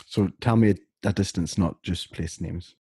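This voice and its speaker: Man, very low voice, husky, dry jokes, podcast co-host. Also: moderate pace, mellow, no room sound. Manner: dry, joking comebacks. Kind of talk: casual chat.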